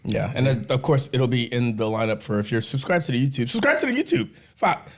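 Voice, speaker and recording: A man's voice: medium pitch, big pitch swings, quick pace. Winded, joking podcast host man. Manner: joking, profane, laughing often. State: winded, coughing. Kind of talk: casual podcast chat.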